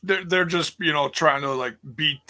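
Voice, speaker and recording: A man co-hosting a casual podcast, talking in halting bursts with frequent restarts. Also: on the high side, pushed and bright. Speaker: podcast co-host. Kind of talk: casual chat.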